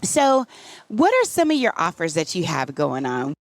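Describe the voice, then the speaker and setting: A woman's voice: lowish voice, wildly swooping pitch, moderate pace, dry recording. A woman hosting a casual interview, affirming her guest and often calling things beautiful. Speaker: podcast host and coach.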